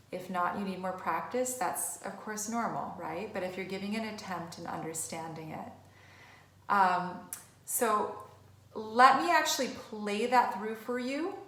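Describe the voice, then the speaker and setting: A woman's voice: medium pitch, a bit bright. A woman music teacher giving an online lesson, encouraging and chatty. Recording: echoey room.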